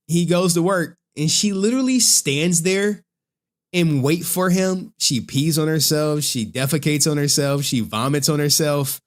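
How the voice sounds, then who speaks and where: A man streaming, casually recapping a film in an animated storytelling way and often checking in with "right?". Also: on the high side. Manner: acts out quoted lines in shifting voices.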